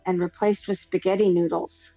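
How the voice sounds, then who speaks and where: A woman hosting a podcast, reading out listener questions in a brisk, casual way. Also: fairly low pitch, level tone, mellow, dry recording, muffled recording, faint music behind. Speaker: podcast host.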